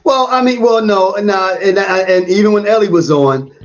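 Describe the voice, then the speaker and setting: A man in a casual debate who talks in a measured way and hedges a lot with "you know". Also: sits high. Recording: dull lo-fi sound.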